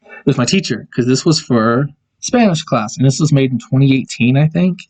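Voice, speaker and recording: A man's voice: mid-range voice, animated, moderate pace, a little mellow. Rambling young man showing old projects. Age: young adult. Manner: rambling, self-correcting, chuckling asides. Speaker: video creator. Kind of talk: casual screen-share walkthrough.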